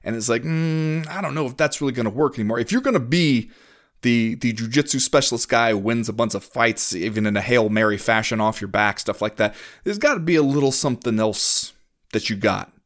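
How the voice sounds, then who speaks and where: A man's voice: medium pitch, fairly quick, fairly bright tone. A man co-hosting a podcast in casual chat, rambling and sardonic, often acting out quotes. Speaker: podcast co-host.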